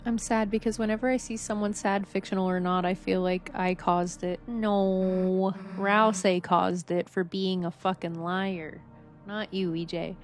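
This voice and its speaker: A woman's voice: mid-range voice, little pitch movement, a little slow. A young woman streaming a game, chatting casually and emotionally, laughing and swearing now and then. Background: faint game music.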